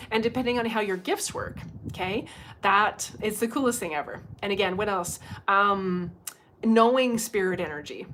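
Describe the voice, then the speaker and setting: A woman talking casually on a livestream as a psychic medium, telling stories in a chatty, animated way and chatting with her viewers. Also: medium pitch, slight background noise. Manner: chatty, animated storytelling with frequent asides to viewers. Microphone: livestream microphone.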